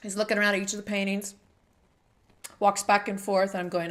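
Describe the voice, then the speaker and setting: A middle-aged woman hosts an interview in casual conversation. She tells her stories with lively energy and acts out the voices of the people she quotes. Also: mid-range voice, fairly quick, long pauses. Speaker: host. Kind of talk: casual interview chat with storytelling.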